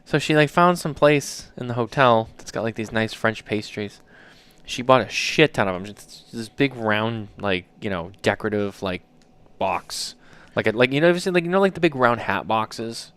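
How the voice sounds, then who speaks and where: A man's voice: mid-range voice, lively intonation, moderate pace, a bit bright, clean tone. A man in his thirties co-hosting a podcast, telling stories in a loose, rambling way with lots of fillers. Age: 30s. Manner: rambling storyteller, many fillers. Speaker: podcast co-host. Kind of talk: casual chat.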